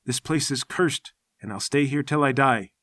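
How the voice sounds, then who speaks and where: A man voicing a gruff, reclusive hermit who lives down in an old mine, speaking low and grave. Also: normal speed, a bit bright, no room sound, clean studio sound, natural voice. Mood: grim, firm.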